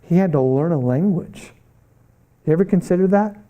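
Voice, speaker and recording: A middle-aged man lecturing a Bible college class on missions, earnest and animated, often stopping to ask the room questions. His voice sits a little high but is deeply mellow and warm. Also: moderate pace.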